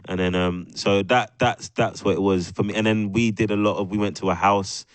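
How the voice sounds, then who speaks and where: A man's voice: fairly low pitch, fairly even intonation, normal speed, dry recording. A man with a London accent, reflecting casually as an interview guest, with fillers. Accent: London English. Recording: dry close recording.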